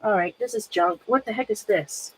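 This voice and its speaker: A woman's voice: medium pitch, normal speed, slight background noise, poor audio. A middle-aged woman streaming live, rambling nervously as she sorts through old things and greets viewers by name. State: nervous and shaky. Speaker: livestreamer. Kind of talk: casual livestream chat while sorting a closet.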